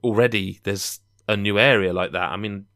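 A man's voice: fairly low pitch, steady tone, moderate pace, sharp tone, no echo, clean studio sound. A young English man co-hosting a podcast, chatting casually and rambling with jokey asides. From England. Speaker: podcast co-host.

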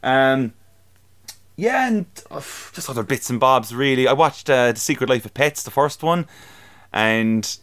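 Young male co-host, relaxed film chat, mid pitch, giggles and swears a lot. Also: unhurried. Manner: chatty, laughing, swearing freely. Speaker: podcast co-host. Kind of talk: casual chat reviewing films.

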